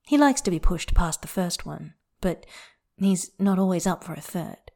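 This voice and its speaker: A woman narrating fiction aloud in a soft, unhurried, intimate way. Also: on the low side, animated, vocal fry. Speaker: audiobook narrator.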